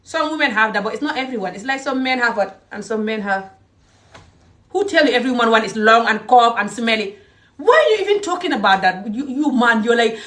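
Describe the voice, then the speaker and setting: A woman with a Gambian English accent giving a heated, indignant vlog rant that swings between shouting and low muttering. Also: expressive, fairly quick. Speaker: vlogger. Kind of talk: heated ranting monologue.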